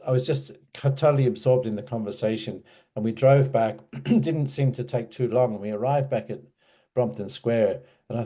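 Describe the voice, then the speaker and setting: A man recounts a past experience in a rambling, hesitant style full of fillers. His voice is mellow and relaxed, sitting in a middle pitch. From Australia. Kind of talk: casual spoken recollection.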